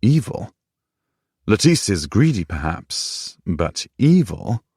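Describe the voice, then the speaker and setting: A man's voice: fairly low pitch, very animated, slow, darkish tone, slightly rough, dry recording, studio quality, full character voice. A man reading an audiobook, voicing an earnest sixteenth-century knight who speaks in a formal, old-fashioned way. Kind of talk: audiobook character voice.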